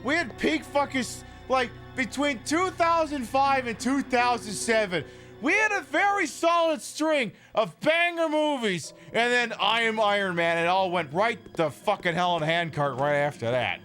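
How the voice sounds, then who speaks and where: A man's voice: very high-pitched, animated, moderate pace, bright, forceful tone, faint music behind. A man casually commenting on a game he is streaming, sarcastic and profane, rambling between topics.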